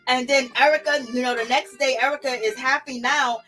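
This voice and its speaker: Sassy, bright-voiced woman gossiping. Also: high-pitched, steady tone, a little fast, soft background music, rough recording. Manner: chatty, sassy, laughs often, quotes people in mock voices. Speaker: reality TV recap host. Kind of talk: casual gossip commentary.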